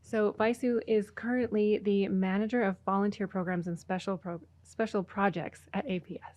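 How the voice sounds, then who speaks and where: A woman's voice: medium pitch, steady tone, normal speed, dry recording. A woman hosting a podcast, chatting casually with her guest and using plenty of fillers. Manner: warm, chatty, many fillers. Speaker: podcast host. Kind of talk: casual interview.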